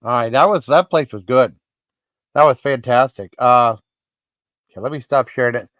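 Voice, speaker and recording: A man's voice: medium pitch, normal speed, fairly bright tone, no echo. A man hosting a livestream, rambling through personal stories in a casual way, often restarting and getting worked up. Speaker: livestream host.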